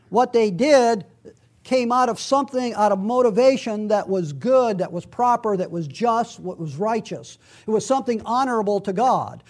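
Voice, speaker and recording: A man preaching a conversational, verse-by-verse Bible teaching, reading scripture slowly and with emphasis. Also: high voice, animated, darkish tone. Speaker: pastor.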